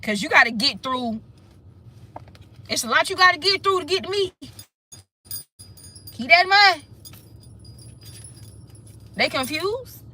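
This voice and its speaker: A woman's voice: high-pitched, animated, slow, pauses often, pushed and bright, slight background noise. A woman giving a casual tarot reading, sassy and emphatic, swearing and repeating her points. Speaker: tarot reader.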